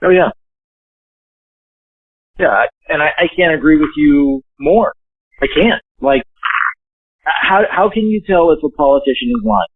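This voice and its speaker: A man chatting as a guest over a tinny, phone-like line with a dry sound. His voice sits fairly high for a man. He jokes and swears freely, and his stories come out animated. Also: a little slow, long pauses, no echo. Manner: profane, joking, animated storyteller. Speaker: podcast guest. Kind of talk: casual chat.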